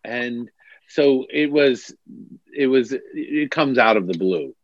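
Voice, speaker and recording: A male bishop recounts his story in an animated, self-mocking way, often breaking into laughter. His mid-range voice comes through a dry, slightly dull, lo-fi recording. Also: medium pitch, slow, no echo. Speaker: bishop, interview guest. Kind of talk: casual storytelling in an interview.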